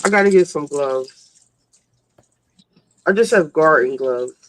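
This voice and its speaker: A woman's voice: low voice, animated, a little slow, slight background noise, poor audio. A woman hosting a casual chat show, asking lots of questions while she cooks. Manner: chatty, asks lots of questions. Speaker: show host.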